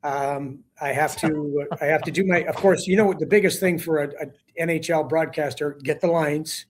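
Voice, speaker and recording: A man, a hockey broadcaster guest, telling a story on a talk show in an animated way and acting out quotes with a rising voice. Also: a little high, normal speed, a little hiss or hum.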